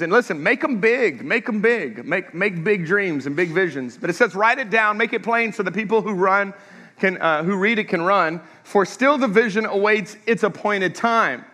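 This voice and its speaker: A man preaching a sermon, with a voice that sits high and rings bright. He tells humorous stories and keeps asking the congregation questions. His voice echoes around a large church hall. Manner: humorous, storytelling, engages the audience with questions. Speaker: pastor. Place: church sanctuary.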